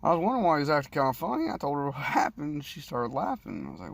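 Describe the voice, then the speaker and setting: A man's voice: fairly high pitch, big pitch swings, a little fast, creaky. A man casually telling a crude, rambling story, swearing often. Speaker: vlogger. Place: sitting, indoors or in a parked car.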